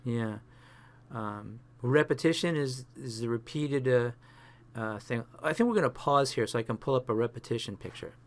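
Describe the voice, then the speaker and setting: A man lectures a photography class in an unhurried, casual way, often stopping with fillers and starting his sentences over. His voice sits at an ordinary middle pitch. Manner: halting, many fillers and restarts. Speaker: photography instructor.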